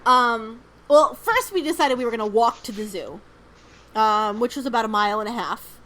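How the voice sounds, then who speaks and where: Chatty woman with a slightly high voice. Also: animated, moderate pace, bright, forceful tone, rough recording. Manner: rambling storyteller, frequent "um" and "like", swears freely. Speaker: podcast co-host. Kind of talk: casual chat.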